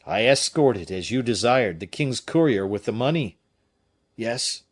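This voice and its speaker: Male reader as a winded storybook messenger, hurried and breathless. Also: mid-range voice, expressive, husky. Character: breathless male friend bringing news.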